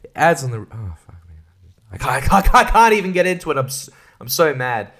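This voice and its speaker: A man's voice: medium pitch, very animated, brisk, a bit bright. A man hosting a casual solo podcast, rambling and crude, swearing and laughing often. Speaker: podcast host.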